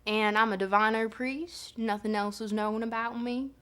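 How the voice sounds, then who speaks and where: A woman's voice: a little high, fairly even intonation, moderate pace, fairly bright tone, lightly acted. A woman voicing a cheerful Southern male priest, a folksy good old boy with a put-on Mississippi accent.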